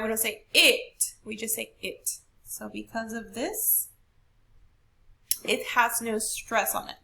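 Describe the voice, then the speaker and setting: A woman teacher walking students through a poem, explaining slowly and stressing words to demonstrate. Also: on the high side, vocal fry, pushed and bright. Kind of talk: classroom lesson recorded for students.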